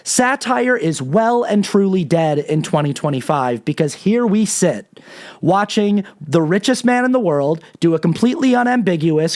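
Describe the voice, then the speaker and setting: A man with a high voice delivers a sarcastic political monologue. He swears freely and gets animated as he retells comedy bits and builds his argument. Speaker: political commentary host. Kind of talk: monologue commentary.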